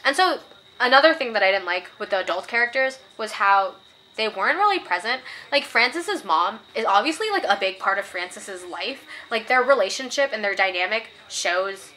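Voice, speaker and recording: A young woman reviews a book in a chatty, animated way at a moderate pace, her mid-range voice bright and clear. Opinionated throughout, she becomes heated as she reads quoted lines aloud.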